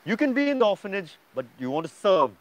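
A man's voice: high voice, sing-song, quick pace, rough recording. A man teaching a yoga class, lecturing students emphatically and often checking in with "yeah?".

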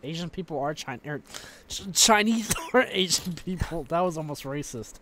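Seorang pria muda beraksen Selatan Amerika yang mengobrol santai sambil bermain game, keras, sering tertawa dan memaki. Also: male voice, on the high side, expressive, normal speed, a crowd in the background. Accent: Southern US. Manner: loud, laughing, swearing banter. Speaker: gamer host. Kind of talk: casual gaming chat.

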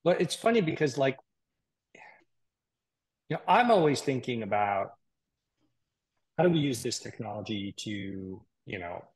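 A man's voice: medium pitch, very animated, a little slow, long pauses. A man hosts an interview show and thinks his ideas through aloud. His delivery is musing and thoughtful, with frequent fillers as he works toward his point. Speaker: podcast host. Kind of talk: interview conversation.

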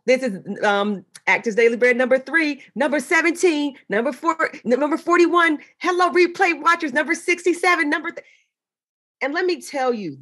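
Woman guest, somewhat high and husky, very animated storyteller. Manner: animated storytelling with excited high quoted voices. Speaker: interview guest. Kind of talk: casual interview chat.

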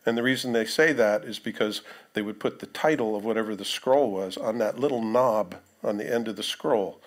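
Man preaching a relaxed, chatty sermon. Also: lowish voice, a little fast. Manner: conversational preaching with asides and questions to the congregation. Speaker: pastor.

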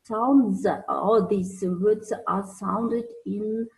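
A woman's voice: mid-range voice, fairly even intonation, extremely slow, creaky, a little mellow, rough recording. A woman teaching an English lesson, hesitant, with many fillers and restarts. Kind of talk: recorded online lesson.

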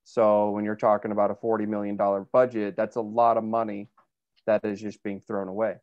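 A man's voice: lowish voice, little pitch movement, fairly quick. A man, an actor being interviewed, telling stories in a chatty, rambling way with many fillers and restarts. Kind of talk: casual interview storytelling. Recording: dull lo-fi dry sound.

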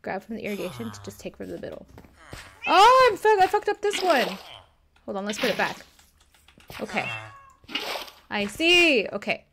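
A woman streamer giving excitable, swear-laden let's play commentary. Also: on the high side, moderate pace, long pauses, noisy background. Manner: excitable, swears, laughs often.

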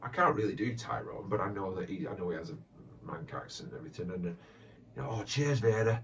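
Deep voiced guy rambling through fan questions, lots of ums, sounds far off and a bit muffled. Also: fast talker, sharp tone, a little hiss or hum. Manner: hesitant, many fillers and restarts, chatty. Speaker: comedy voiceover creator answering fan questions. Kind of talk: casual Q&A chat. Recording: distant muffled lo-fi mic.

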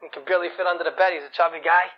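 A man telling a story in a lively, colloquial way, often chuckling at his own tale, on a dull lo-fi recording. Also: high-pitched, very fast, a little hiss or hum. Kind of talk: animated oral storytelling.

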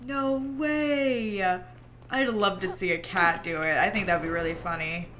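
A young woman livestreaming, chatting casually while she plays a game, rambling and animated with lots of "like" and quick bursts of laughter. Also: lowish voice, slight background noise. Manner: chatty and rambling, heavy use of "like"; animated storyteller who breaks into laughter. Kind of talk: casual chat while gaming.

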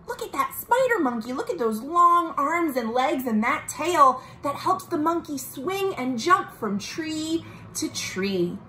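Woman librarian, storytime read-aloud, unhurried sing-song delivery, slightly high voice, echoey home room with faint noise. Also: very animated. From United States. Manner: gentle, sing-song, asks the listening children questions. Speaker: children's librarian.

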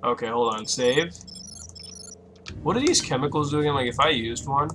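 A young man commentating a horror game let's play, swearing a lot and reacting loudly with jumpy outbursts. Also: mid-range voice, moderate pace, music in the background. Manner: loud, profane, jumpy reactions. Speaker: gaming YouTuber.

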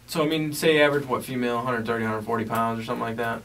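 Talking very fast in a mid-range, fairly bright voice, this man hosts a podcast from a small studio. The chat is casual and radio-style, rambling and upbeat with lots of filler words, and the distant mic makes it sound roomy.

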